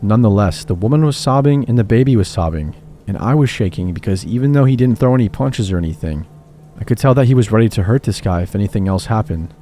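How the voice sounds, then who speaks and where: A man with a low, dark voice reads a horror story aloud in a measured, steady way. Faint music plays under his narration. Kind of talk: scripted narration of horror stories. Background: faint background music.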